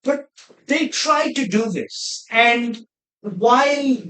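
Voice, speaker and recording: A man reviewing a trailer in rambling, opinionated commentary, often exasperated and full of asides. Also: high voice. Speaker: film reviewer. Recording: echoey room.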